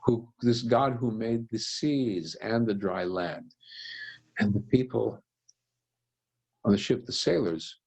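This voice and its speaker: A man, a rabbi, teaching a scripture study session and telling the story with animated voices for its characters. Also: fairly low pitch, slow, gravelly, long pauses, husky. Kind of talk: text study lesson.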